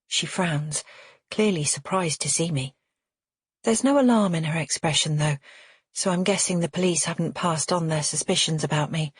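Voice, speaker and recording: Slightly husky woman narrating an audiobook. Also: low voice, moderate pace, no room sound, studio quality. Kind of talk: first-person audiobook narration.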